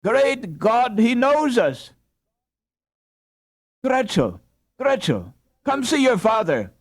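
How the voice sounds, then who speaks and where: A man's voice: extremely high pitch, sing-song, takes it slowly, voice pushed up, heavily acted. A man voicing an emotional middle-aged Dutch mother crying out, beside herself with joy. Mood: overjoyed. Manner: cries out, breathless with joy.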